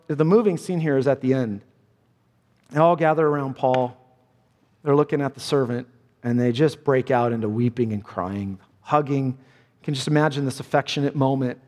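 A man's voice: medium pitch, darkish tone, in a large hall. A man preaching a sermon as pastor, earnest and emphatic, repeating his key phrases.

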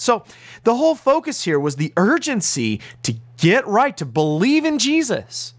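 A man's voice: sits high, wildly swooping pitch, a little slow, dry recording. A man teaching as pastor on a radio Bible program, preaching earnestly and urgently with emphatic repetition.

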